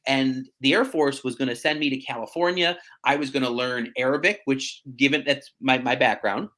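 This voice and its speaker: A man, a real estate agent chatting as a podcast guest, animated and self-deprecating with quick asides. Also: medium pitch. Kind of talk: casual podcast conversation.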